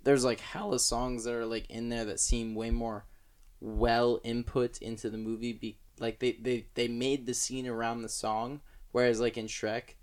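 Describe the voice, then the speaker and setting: A man's voice: medium pitch, flat delivery, normal speed. A young man co-hosting a casual chat, laid-back and rambling with lots of filler words. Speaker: podcast co-host.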